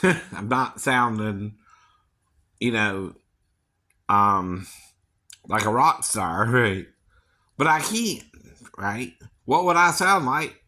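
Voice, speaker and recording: A man's voice: medium pitch, bright, forceful tone. A man vlogging in a rambling casual monologue, chuckling often and ending lines with a questioning tag. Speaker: vlogger and singing impersonator.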